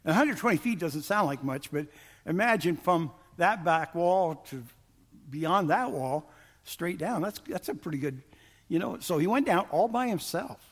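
A man with a notably high voice narrates a story to a live audience. He tells it in an animated way and acts out the quoted lines. A long reverb from the big hall trails each phrase. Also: moderate pace.

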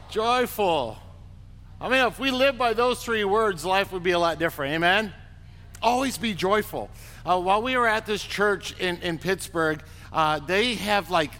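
A man's voice: high-pitched, sharp tone. Man preaching in a reverberant hall. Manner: conversational, repeats words, asks the crowd to respond. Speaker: pastor. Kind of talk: sermon.

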